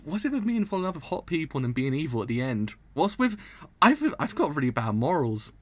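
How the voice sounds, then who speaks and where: A man's voice: on the high side, very animated, quick pace, no room sound. A young man streaming a live reaction, talking with dramatic, exaggerated mock outrage and frequent laughter.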